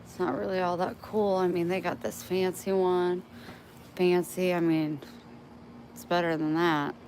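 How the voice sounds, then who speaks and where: A middle-aged woman vlogging casually, chatting and loudly scolding her dog. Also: lowish voice, flat delivery, measured pace, slight background noise. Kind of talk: casual vlog talking to her pets.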